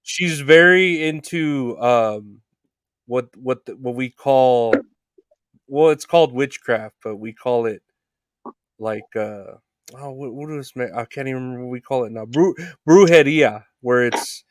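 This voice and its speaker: A man hosting a podcast, talking in a halting, soft-spoken way that trails off. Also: mid-range voice, no room sound, studio quality. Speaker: podcast host. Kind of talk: casual conversation.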